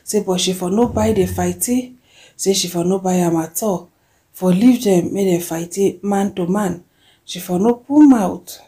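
A woman with a Nigerian accent, chatting about celebrity gossip and reading fan comments aloud with lively exclamations. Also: fairly low pitch, unhurried, husky.

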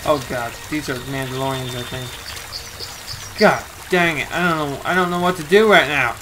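Excitable young gamer guy, higher voice. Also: normal speed, background noise. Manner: excitable, melodramatic outbursts, mild swearing. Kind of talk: let's-play commentary. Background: game music.

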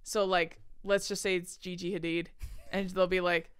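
A young woman co-hosting a podcast, telling a story in animated casual chat with swearing and laughter. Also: fairly low pitch, normal speed, smooth. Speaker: podcast co-host.

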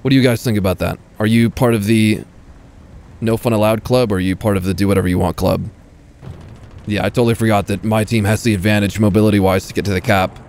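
A man giving casual commentary over his own gameplay, excitable, swearing freely and talking to enemy tanks. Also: on the low side, quick pace, slight background noise. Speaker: gaming YouTuber.

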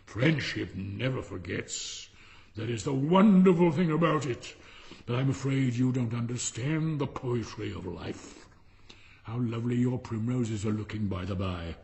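A man's voice: mid-range voice, animated, unhurried, creaky, a little mellow, in a large hall, a little hiss or hum. A man voicing a smug, self-righteous miller who lectures in a lofty tone. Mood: preaching. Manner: lofty, preaching.

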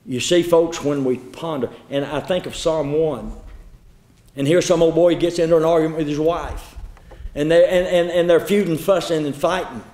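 A man preaches in a folksy storytelling way, with a fairly high voice. He repeats himself and stretches some phrases out slowly. The sound rings around an echoey church hall. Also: fairly even intonation, a little mellow.

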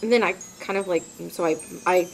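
A woman's voice: on the low side, fairly quick, a little hiss or hum. A woman playing her character in a tabletop role-playing game, thinking aloud with frequent restarts as she decides what to do. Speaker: player. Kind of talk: casual tabletop game play.

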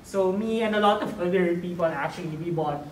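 A young Filipino medical student explaining the school's rooms on a casual tour, in English mixed with Tagalog, clear and explanatory. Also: medium pitch, brisk, a little mellow, a little hiss or hum. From Philippines. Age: young adult. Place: indoor school hall and labs. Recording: very echoey room from a distance.

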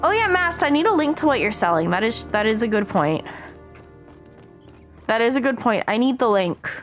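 An American woman streaming a game, chatting excitedly with her viewers as she plays. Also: a little high, normal speed, soft background music. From United States. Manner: chatty, excitable, talks to chat while playing. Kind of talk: casual live-stream chat while gaming.

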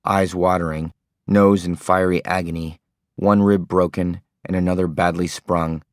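Deep-voiced male audiobook narrator. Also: no room sound, studio quality. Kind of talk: scripted narration.

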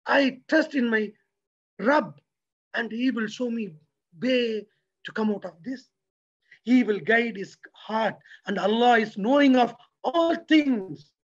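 A man giving a motivational religious talk, lively and preacherly, who keeps asking his audience rhetorical questions. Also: very high voice, slow pace, lo-fi sound. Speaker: lecturer.

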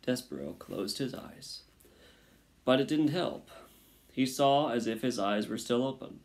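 A man reading a children's storybook aloud in a slow, dramatic, sometimes hushed way. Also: medium pitch, animated. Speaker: audiobook narrator.

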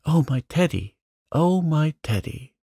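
A blunt, spirited young woman who exclaims and teases, as a man puts her on. The voice rides higher than a man's own reading, a little gravelly, in a dry close sound. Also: very animated, a little slow, warm tone, dry recording, exaggerated voice. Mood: joyful. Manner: exclaiming, teasing.

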